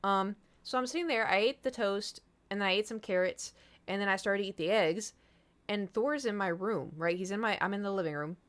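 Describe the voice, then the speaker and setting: A woman on a live stream talks straight to her chat in a loose, rambling way. Her voice sits at an ordinary middle pitch, and her speech is packed with fillers and frank curse words. She sounds candid and unpolished. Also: a little fast, a bit bright. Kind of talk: casual storytelling to chat.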